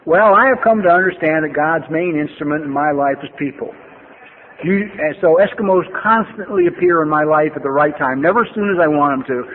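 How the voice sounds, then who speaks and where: High-voiced blunt older man on tinny tape. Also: fairly quick. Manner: blunt, profane, wry storytelling with animated bursts. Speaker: recovery meeting speaker. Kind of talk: personal testimony talk with storytelling. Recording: phone-like lo-fi archival tape with faint hiss.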